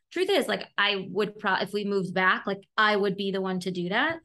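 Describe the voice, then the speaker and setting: A woman in her thirties from Brooklyn, a podcast guest telling lively stories and putting on voices. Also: medium pitch, moderate pace. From Brooklyn, New York. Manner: lively storyteller, does voices and laughs. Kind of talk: casual interview chat.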